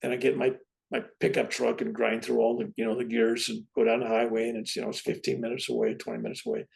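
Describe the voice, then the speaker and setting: A man in his seventies, a guest on a talk show, telling his own story in a lively way and often asking "right?". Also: mid-range voice, fast talker, vocal fry. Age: 70s. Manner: lively, keeps tagging "right?" onto his points. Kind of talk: animated personal storytelling.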